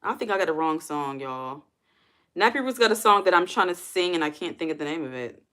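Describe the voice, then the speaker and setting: A woman's voice: sits low, expressive, a little fast, fairly bright tone. Chatty woman on a livestream. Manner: chatty, thinks aloud, answers viewer comments. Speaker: livestream host. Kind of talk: casual livestream chat.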